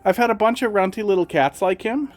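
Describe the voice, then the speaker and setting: Brisk and high-voiced, this man streams with a slight Wisconsin accent, chatting casually with viewers. Now and then he talks to his cats in a sing-song voice, and faint music plays in the background.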